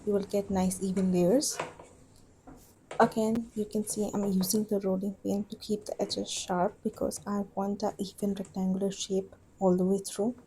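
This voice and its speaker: A young woman calmly explaining her baking step by step in a cooking tutorial voice-over, encouraging beginners. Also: mid-range voice, normal speed, slight background noise, rough recording. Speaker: home baker.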